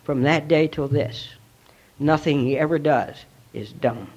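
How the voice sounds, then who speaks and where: A man's voice: on the high side, unhurried, a little mellow, breathy edge. A middle-aged man giving a personal testimony at a recovery meeting, earnest and reflective as he tells his story. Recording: dull lo-fi recording.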